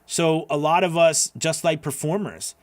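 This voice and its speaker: A man's voice: on the high side, a little slow, dry recording. A man hosting a live voice-over class, answering chat questions in an earnest, encouraging way that rambles with restarts.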